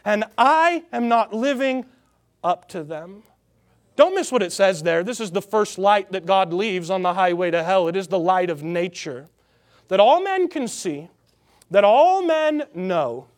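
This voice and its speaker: A man from the Salt Lake Valley preaching a sermon, stressing his points by slowing down and repeating phrases. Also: very high voice, animated. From Salt Lake Valley, Utah. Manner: emphatic preaching with slow, drawn-out repeated phrases.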